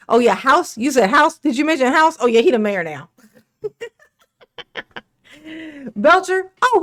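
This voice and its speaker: Sarcastic woman laughing through commentary. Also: high-pitched. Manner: sarcastic and mocking, laughs often, swears freely. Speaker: commentary host. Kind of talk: casual reaction commentary.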